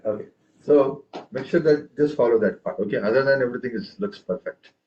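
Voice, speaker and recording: A man's voice: mid-range voice, brisk, muffled recording. Patient man teaching tabla syllables. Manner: patient, repeats "okay" and "right?", chants syllables aloud. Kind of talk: classroom music lesson. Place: room with students.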